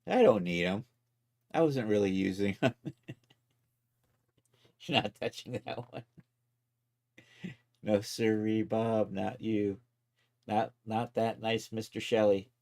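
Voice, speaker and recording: A man livestreaming his 3D art work in a casual, chatty way, talking to viewers and to his software as he goes and chuckling often. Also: on the low side, a little slow. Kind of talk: casual live-stream commentary.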